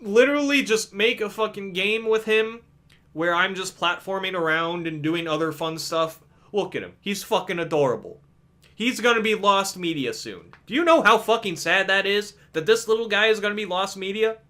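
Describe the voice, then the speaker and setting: With a high voice at a moderate pace, a young gaming video creator gives casual vlog commentary on games. He's animated and freely profane, tripping over frequent restarts.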